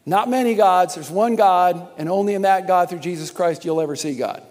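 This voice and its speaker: A man's voice: high voice, normal speed, darkish tone, faint music behind. A man preaching a sermon as pastor, emphatic and repetitive, calling on the congregation to respond. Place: church sanctuary. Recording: long hall reverb.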